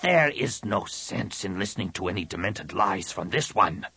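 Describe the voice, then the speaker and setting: A man's voice: fairly low pitch, expressive, normal speed, vocal fry, sharp tone, breathy edge, no room sound, heavily acted. A man voicing a contemptuous alien priestess in an audiobook. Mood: scornful. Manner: scornful.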